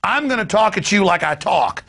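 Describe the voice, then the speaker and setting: A man's voice: high-pitched, lively intonation, moderate pace, gravelly, bright, forceful tone. A man hosting a talk show, delivering an emphatic and indignant political rant. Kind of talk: ranting political commentary.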